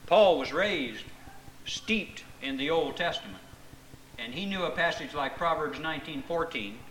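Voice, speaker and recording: Male preacher, middle-aged, folksy sermon, rhetorical questions, bright slightly high voice. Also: animated, unhurried, rough recording. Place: church meeting before a congregation.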